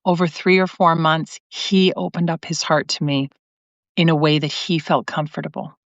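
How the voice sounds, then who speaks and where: A woman's voice: low-pitched, steady tone, moderate pace, no room sound. Middle-aged woman host, earnest storyteller who restarts often; dull livestream mic sound. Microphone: computer mic on a live video stream. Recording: dry, slightly muffled stream audio.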